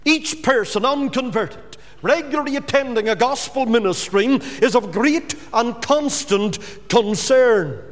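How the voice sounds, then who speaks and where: High-voiced man preaching slowly in reverb. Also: lively intonation, fairly bright tone. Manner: earnest, pleading preaching. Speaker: pastor. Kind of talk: sermon.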